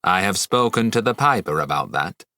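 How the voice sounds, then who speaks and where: A cold, commanding witch assassin woman, as a male narrator puts her on for an audiobook. She speaks in a grave, clipped way, in a lowish register. The recording is dry and close. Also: lively intonation, normal speed, bright, forceful tone, no echo, full character voice. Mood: stern.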